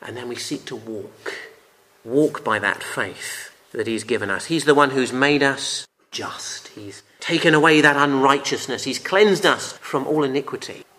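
A man giving a Bible teaching talk, earnest and emphatic, often dropping to a quiet voice on key phrases. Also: mid-range voice, measured pace. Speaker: preacher.

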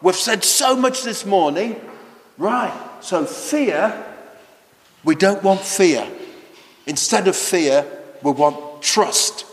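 Man, children's sermon, high lively voice, slow unhurried delivery, echoey hall. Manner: animated, exclaiming, asks children questions. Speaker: preacher.

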